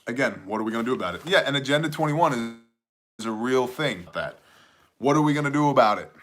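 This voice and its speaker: Guy in his 30s doing a live chat stream, bright kinda forceful voice, jokey, reads comments out loud. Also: medium pitch. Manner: joking, conversational, reads chat aloud. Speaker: livestream host answering chat.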